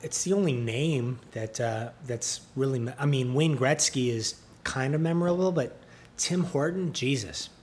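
A man from Canada, a podcast guest who jokes in a rambling, deadpan way. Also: medium pitch, moderate pace. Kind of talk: casual joking chat.

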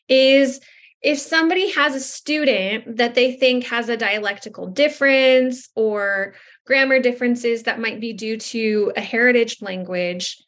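Chatty woman podcast host, higher voice. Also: fairly bright tone. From Southern California. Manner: chatty, digressive storytelling. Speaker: podcast host, speech-language pathologist. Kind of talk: conversational interview.

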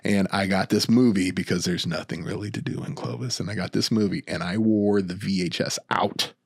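A man co-hosting a podcast in loose, joking chat with a low voice. His voice has a gravelly edge, and the sound is dry and close. He laughs often and slips into goofy impressions. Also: brisk, dry recording. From United States. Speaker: podcast co-host. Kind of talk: casual chat.

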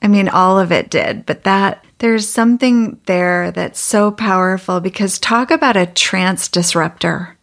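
Unhurried woman hosting a reflective podcast. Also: medium pitch, vocal fry. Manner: thoughtful, spiritual reflection. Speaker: podcast host. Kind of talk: conversational interview.

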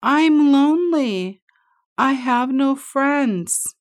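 A woman putting on a lonely little beaver, high and plaintive. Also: big pitch swings, slow pace. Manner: high, wailing calls, drawn out. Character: lonely young male beaver, gentle and friendly.

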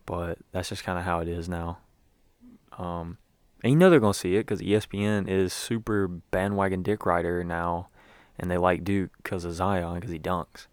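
A man's voice: deep voice, fairly even intonation, normal speed, no room sound. A young man giving a rambling, casual recap as a sports fan, with lots of fillers and restarts.

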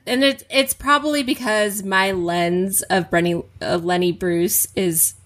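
A woman's voice: mid-range voice, fairly even intonation, unhurried, a bit bright. A woman co-hosting a casual chat show, reacting to the story and restarting her sentences as she thinks aloud. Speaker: podcast co-host reacting.

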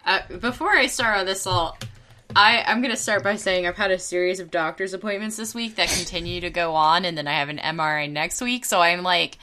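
A woman's voice: on the low side, fairly quick, pushed and bright. A woman co-hosting a podcast in casual chat, self-deprecating, swearing casually and laughing through her stories. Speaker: podcast co-host.

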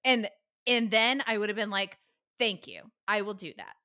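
A woman's voice: medium pitch, lively intonation, moderate pace, pushed and bright, dry recording, studio quality. A young woman in casual chat, animatedly retelling a frustrating story with quoted dialogue, swearing and laughing.

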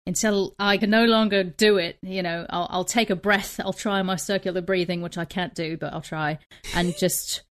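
A young woman playing a tabletop game narrates her moves in a rambling, self-deprecating way, adding apologetic asides in casual role-play chat. Her lowish voice holds a steady tone at normal speed with few pauses.

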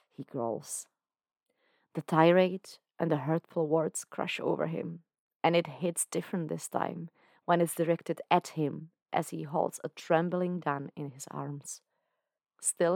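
A woman reading fan fiction aloud on a podcast, in a calm, measured narration. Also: deep voice, creaky, no echo, studio quality. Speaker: podcast fanfiction reader.

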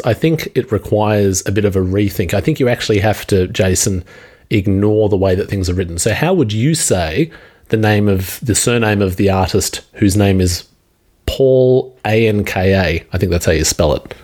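Low-voiced man teasing. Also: moderate pace, a little mellow. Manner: teasing, coaching others on pronunciation. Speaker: podcast co-host. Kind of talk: casual chat.

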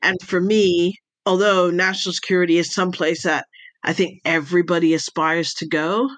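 A woman's voice: fairly low pitch, level tone, normal speed, no room sound. A woman guest, an intelligence advisor, answering interview questions thoughtfully and explaining step by step.

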